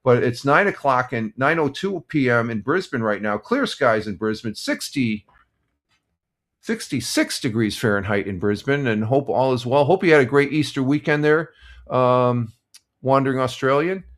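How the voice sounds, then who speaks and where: An older man hosting a casual live stream, chatting in a relaxed, rambling way with lots of fillers and restarts. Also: medium pitch, moderate pace. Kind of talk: casual morning chat reading sports scores and viewer comments.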